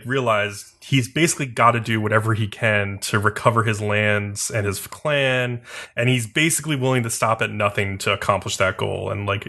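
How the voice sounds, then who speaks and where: A man's voice: lowish voice, bright, forceful tone. A man casually recapping an anime episode on a podcast, rambling with lots of fillers. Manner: rambling, heavy use of "like" and fillers. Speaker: podcast co-host.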